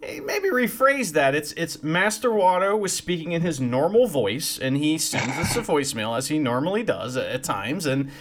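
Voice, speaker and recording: Podcast guy, fairly high voice, bounces all over when he talks, laughs a lot. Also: lively intonation, normal speed, few pauses. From Ohio, USA. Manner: chatty, laughing, swearing. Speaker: podcast co-host. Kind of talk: casual chat.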